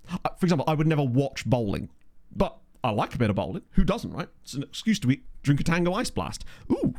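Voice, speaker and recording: This slightly mellow, medium-pitched man is hosting a casual let's play through a USB condenser mic. He talks through his thoughts as he plays and keeps an eye on the live chat.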